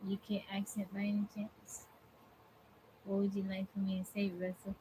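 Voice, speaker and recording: Casting note: woman, live-stream host, friendly chatter with viewers, mid-pitched voice, faint background hiss. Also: monotone, moderate pace, warm tone, rough recording. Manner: chatty, greets viewers by name. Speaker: livestream host.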